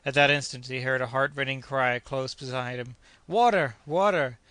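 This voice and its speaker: A man narrating an adventure audiobook in a measured, steady reading. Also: mid-range voice, smooth, no echo.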